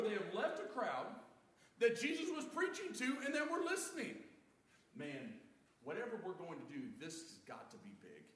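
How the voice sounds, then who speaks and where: A high-voiced male preacher with a wildly swinging delivery, playing the disciples' complaints for laughs. His voice rings out into a big hall with a long echo trailing behind each phrase. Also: fairly bright tone, slightly rough. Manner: acts out disciples' voices, joking asides. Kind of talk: animated sermon.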